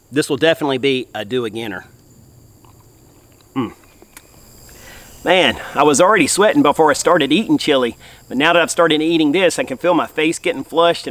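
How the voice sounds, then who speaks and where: A man's voice: a little high, a bit bright, no echo. A man hosting an outdoor cooking show, talking to viewers in a folksy, upbeat way from a campfire in the woods. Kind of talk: enthusiastic cooking vlog.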